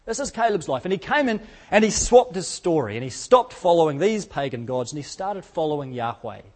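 A male pastor delivers a sermon in a casual, conversational way. His voice sits somewhat higher than most men's. He leans on rhetorical questions and often restarts a phrase mid-thought. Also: big pitch swings, fairly quick, darkish tone.

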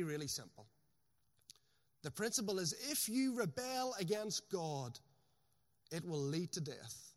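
A man preaching a sermon in a raised, fairly high voice. He presses his points home, dropping to a slow, deliberate pace on the lines that matter. His words ring out with a long reverb, as in a large church hall. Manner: emphatic preaching, slows sharply on key phrases. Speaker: pastor.

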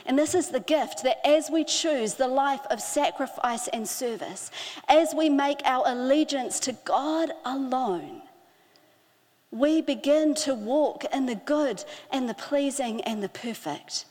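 Woman preaching, fairly high voice, slow earnest emphasis, long hall echo. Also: a little mellow. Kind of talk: sermon.

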